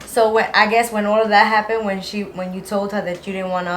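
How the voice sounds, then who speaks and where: Speaking a little fast in a flat, slightly bright, medium-pitched voice, this young woman vlogs with long, rambling run-on stories full of "like"s. She's a young adult recorded in an echoey room with faint background noise.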